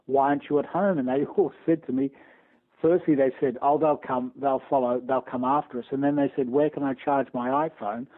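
A man from Australia calls in to a radio show as a guest, pressing his points hard and restarting phrases as he goes. His voice comes through a narrow, tinny phone line. He sounds like an ordinary middle-pitched speaker. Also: steady tone, brisk. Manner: emphatic, insistent, frequent restarts. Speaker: interview guest, newspaper editor. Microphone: telephone.

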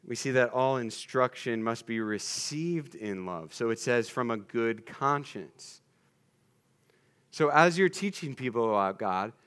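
A man's voice: mid-range voice, a bit bright, clear, resonant tone. A young man preaching a sermon in a conversational way, with jokey asides to the congregation.

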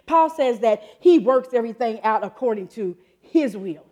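A woman in her fifties delivers a sermon with lively, excitable energy. Her somewhat high voice swings up sharply when she gets excited, and she laughs often as she talks. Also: moderate pace. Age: 50s. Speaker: preacher.

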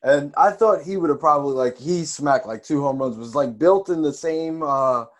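A man's voice: a little high, moderate pace. Hesitant man chatting on a podcast. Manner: hesitant, many fillers and self-corrections. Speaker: podcast co-host. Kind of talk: casual podcast chat.

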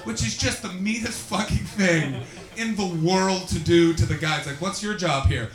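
A man's voice: high-pitched, moderate pace. Brash man doing crowd work. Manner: loud, profane, teasing audience members. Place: comedy club before a live audience. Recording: echoey club with loud crowd.

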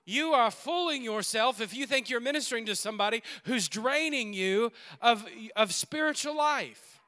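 A man preaching a sermon in a church, swinging between loud exhortation and quiet asides and laughing often. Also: extremely high pitch, expressive, moderate pace. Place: church sanctuary.

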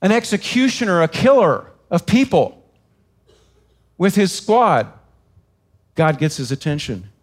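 A man's voice: sits high, very animated, measured pace, pauses often. A man preaching a sermon in an earnest, emphatic way, acting out quoted cries with drama. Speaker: pastor.

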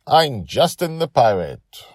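A man's voice: mid-range voice, very animated, slow pace, dry recording, studio quality, pitched above the performer's own voice. A man voicing a bossy four-year-old girl who plays a pirate captain and speaks harshly and commandingly.

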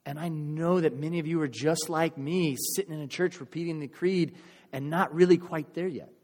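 A man's voice: fairly high pitch, moderate pace. Man preaching in a reverberant hall. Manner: conversational, animated storytelling with acted-out crowd voices. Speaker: pastor. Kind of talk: sermon with storytelling. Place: church.

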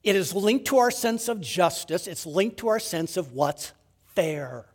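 A man preaching a sermon, swinging between loud emphasis and hushed, near-whispered phrases, with rhetorical questions and repeated words. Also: sits high, a little slow, in a large hall. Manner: animated preaching, rising to emphasis then dropping to near-whispers. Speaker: pastor.

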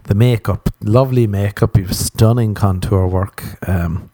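A man's voice: fairly low pitch, unhurried, dark tone, no room sound. A man talking in a casual comedic monologue, rambling and self-mocking, swearing constantly as he drifts between asides.

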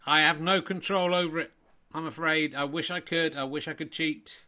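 A man hosting a comic mock sports commentary, playful and self-mocking. His voice sits a touch high for a man and gets excitable over the action. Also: moderate pace.

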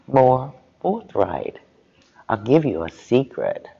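A man on a discussion panel shares advice in an unhurried, conversational way, speaking at a very slow pace. The recording sounds a little dull and muffled. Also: medium pitch, big pitch swings, gravelly, warm tone, breathy edge, long reverb tail. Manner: unhurried, conversational, chuckles while telling stories. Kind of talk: relaxed storytelling advice.

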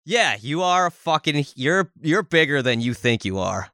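Bright, crisp-voiced man joking crudely. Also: fairly high pitch, big pitch swings, normal speed, no room sound, studio quality. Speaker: podcast co-host. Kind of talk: casual profane chat.

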